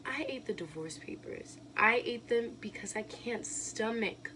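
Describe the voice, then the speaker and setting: A young actress playing an unraveling wife who laughs nervously through her divorce, her lines swinging from loud outbursts to hushed murmurs. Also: a little high, expressive, unhurried, a little hiss or hum, low-quality recording. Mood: quiet, broken. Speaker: actress performing a monologue. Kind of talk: dramatic monologue.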